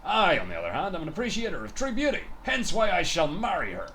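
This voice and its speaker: A man's voice: high voice, wildly swooping pitch, quick pace, bright, forceful tone, slight background noise, full character voice. A man doing a pompous vain tenor. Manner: grandiose, self-important. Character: pompous vain male tenor, ringmaster's rival.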